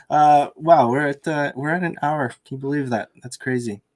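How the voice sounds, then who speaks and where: A man hosting a casual podcast, upbeat and chatty as he thanks listeners. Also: fairly high pitch. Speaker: podcast host. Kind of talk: casual chat.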